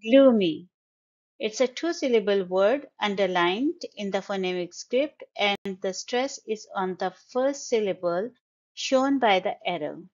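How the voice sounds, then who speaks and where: A woman's voice: medium pitch, highs cut off. A woman teaching an English vocabulary lesson, carefully sounding out words syllable by syllable. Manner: slow, deliberate, stresses syllables.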